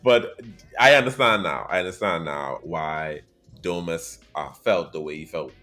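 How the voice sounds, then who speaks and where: A man hosting a casual anime podcast, telling stories in an animated way that swings between loud and quiet. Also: low voice, measured pace. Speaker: podcast host.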